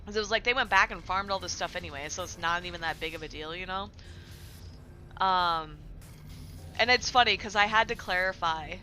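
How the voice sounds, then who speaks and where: A woman's voice: mid-range voice, bright, forceful tone. A young woman streaming a game from home, chatting casually and loosely, swearing often and rambling through fillers as she answers her chat. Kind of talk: casual live-stream chat while gaming.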